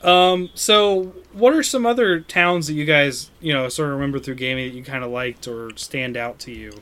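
A man hosting a casual chat about games over an online call, relaxed and chuckling often. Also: on the high side, moderate pace, clear, resonant tone. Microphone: video call. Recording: online call, connection glitches.

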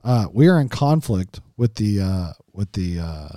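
A man in his thirties talks through relationship advice in an easy, conversational flow, often checking in with "right?" and restarting his sentences. His voice is mellow and dark, and it sits close and dry with no room sound. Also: fairly low pitch, big pitch swings, unhurried, no room sound. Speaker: co-host of a Christian marriage podcast. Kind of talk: casual teaching chat.

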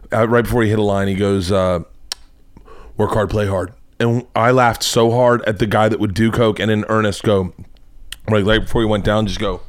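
A man's voice: mid-range voice, no echo. A man hosting a comedy podcast, rambling and swearing as he riffs on videos he watches. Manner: profane, rambling, laughing. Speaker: podcast host. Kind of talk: casual comedic commentary.

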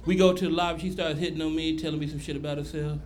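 A man from Memphis doing a crude, animated stand-up routine on a club stage. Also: on the high side, racing. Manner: loud, crude, animated storytelling. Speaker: stand-up comedian. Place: comedy club stage before a live audience. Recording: live club recording with noise.

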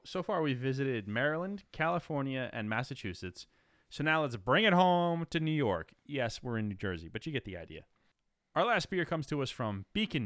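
A man's voice: medium pitch, a bit bright, clean tone, no echo, studio quality. A man hosting a casual beer-tasting show, rambling and joking with lots of fillers and restarts. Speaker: podcast host. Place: room in New Jersey.

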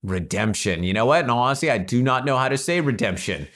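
A man co-hosting a film review podcast, chatting casually and relaxed, with frequent filler words. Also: medium pitch, racing. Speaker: podcast co-host.

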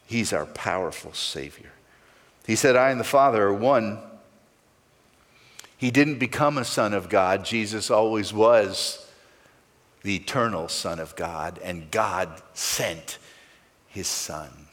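A man's voice: on the low side, slow pace, long pauses, fairly bright tone, in a large hall. A male pastor preaching a sermon, stressing key words with sweeping rises and falls.

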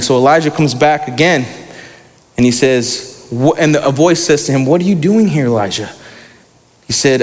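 A man's voice: a little high, in a large hall. A young man preaching a sermon in a casual, slangy way, reading scripture aloud between asides.

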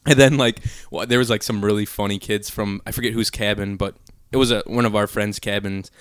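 A young man in his twenties co-hosting a casual podcast chat, telling stories with lively swings into loud put-on voices. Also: lowish voice, brisk, smooth, no echo, clean studio sound. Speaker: podcast co-host.

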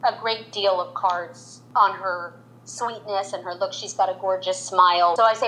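A woman's voice: normal speed, low-quality recording. A woman in her forties, a veteran makeup artist, telling a personal story in an interview and acting out the quoted lines. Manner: animated, acts out quotes in higher voice.

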